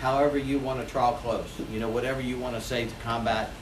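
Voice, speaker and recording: A man's voice: medium pitch, fairly even intonation, fast talker, background noise. A man in his forties, a sales trainer, leading a seminar and acting out customer phone calls with lots of energy. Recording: echoey room, mic from a distance.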